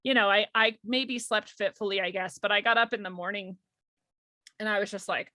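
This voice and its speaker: A young woman guest telling a personal story in casual conversation, animated, laughing often and acting out quoted voices. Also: mid-range voice, brisk, no room sound. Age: young adult.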